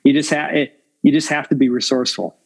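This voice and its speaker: Husky man explaining film lighting. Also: medium pitch, a little fast, rough recording. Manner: rambling, restarts often, says "you know" a lot. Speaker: cinematographer guest. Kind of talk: casual interview conversation.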